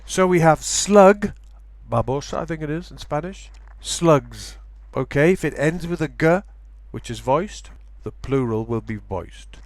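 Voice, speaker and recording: A man's voice: on the high side, animated, dry recording. Dry-voiced male pronunciation teacher. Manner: demonstrates sounds, repeats example words slowly. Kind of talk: lecture with spoken examples.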